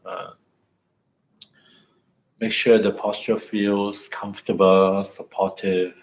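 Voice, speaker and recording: Reflective low-voiced man teaching meditation. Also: flat delivery, echoey room, low-quality recording. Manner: unhurried, reflective, with tag questions like "isn't it" and "no". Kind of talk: dharma talk leading into guided meditation.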